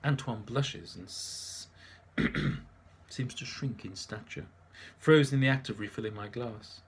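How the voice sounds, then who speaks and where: A man's voice: on the low side, a little slow, husky. A man narrating his memoir in a dry, wry manner.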